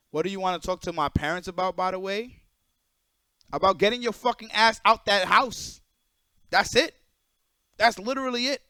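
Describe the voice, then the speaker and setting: A young man streaming live, ranting bluntly and profanely in a casual, animated way. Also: sits high, clean tone, no echo. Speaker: streamer and event organizer. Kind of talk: casual livestream rant.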